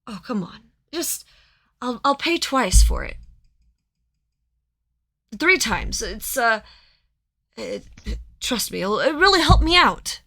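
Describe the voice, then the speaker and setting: A finely dressed gentleman, played by a woman, presses to buy with wheedling, hesitant offers. He sounds high, slow and halting. His voice is bright and dry, with no room around it. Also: big pitch swings, no room sound, full character voice. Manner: wheedling, haggling, full of hesitant fillers. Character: pushy, finely dressed human gentleman buyer.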